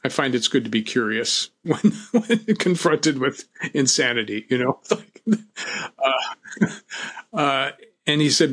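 Male interview guest, mid-pitched, calm reflective storytelling, wry. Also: slow pace. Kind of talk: personal storytelling.

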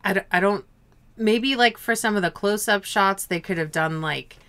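A woman co-hosting a casual movie review chat, talking in a chatty, animated way and swearing casually. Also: medium pitch, moderate pace.

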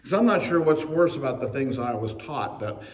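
Male pastor, mid-pitched, preaching with lively storytelling; reverberant church sound from afar. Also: normal speed. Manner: storytelling, humorous asides, acts out quotes. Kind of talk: sermon. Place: church sanctuary. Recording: echoey church recorded from a distance.

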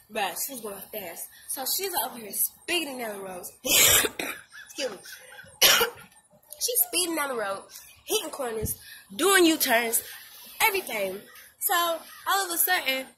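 A woman vlogger telling a story in casual slang, animated and laughing as she talks, recorded outdoors. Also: high voice, noisy background.

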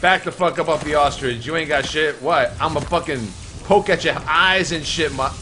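A man streaming a game live, trash-talking other players with loud, profane, joking outbursts. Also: fairly high pitch, moderate pace, slight background noise. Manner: brash trash talk with loud outbursts and laughter. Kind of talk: profane live gameplay commentary.

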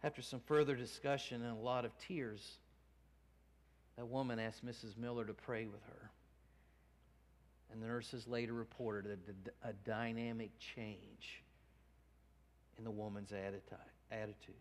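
A man's voice: lowish voice, steady tone, unhurried, long pauses. Earnest male pastor preaching a sermon. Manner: earnest, swelling from hushed to emphatic. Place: church sanctuary. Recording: long church reverb.

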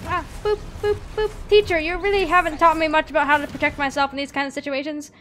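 A woman streamer giving goofy, playful commentary while she plays a video game, often shouting spell names. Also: high-pitched, fairly even intonation, quick pace, a little hiss or hum. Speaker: gaming streamer. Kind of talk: casual gameplay commentary.

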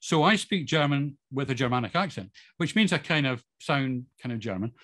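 A middle-aged man with a Scottish accent talks in a loose, rambling way, full of ums and restarts. His pitch sits in an ordinary middle range. The sound is close and dry, with no room around it. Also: animated, normal speed, fairly bright tone, no room sound. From Scotland. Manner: rambling with frequent fillers and restarts. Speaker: podcast guest. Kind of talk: casual monologue.

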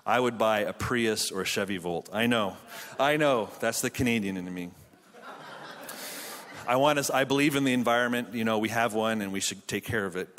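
A man in his thirties speaks from a conference stage at a mid-range pitch. He mixes jokey storytelling with earnest preaching. The tone is that of a casual but committed conference sermon. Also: fairly bright tone. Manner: jokey storytelling, then earnest Bible teaching. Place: conference hall.

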